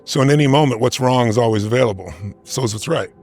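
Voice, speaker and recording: A man's voice: medium pitch, fast talker, a little mellow, soft background music. A man, a motivational speaker, answering an interview question and telling a personal story in an emphatic, conversational way, often adding "right?". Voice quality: gravelly.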